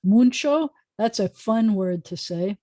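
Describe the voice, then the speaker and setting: A woman rabbi teaching an informal class over a video call, chatting and thinking aloud as she goes. Her voice is mellow and relaxed, of middle pitch. The sound is dry and close. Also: normal speed, dry recording. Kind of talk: informal online lesson.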